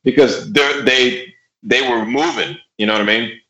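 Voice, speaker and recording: On a podcast, a guest drummer from Austin, Texas speaks with a medium-pitched voice at a moderate pace over a loud crowd. The sound is dull and the room echoey. Casual and profane, he repeats his words and reenacts his past lines.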